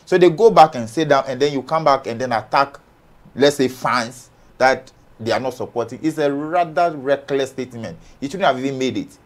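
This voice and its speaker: On an entertainment panel, a Ghanaian man with a medium-pitched voice speaks at normal speed. He argues forcefully and heatedly, throwing out one rhetorical question after another.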